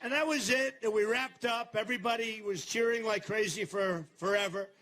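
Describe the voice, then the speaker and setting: An older man, a political candidate, gives a campaign rally speech in a large venue with a high voice at normal speed. He is boastful and repetitive, turning to the crowd for asides and shouted slogans.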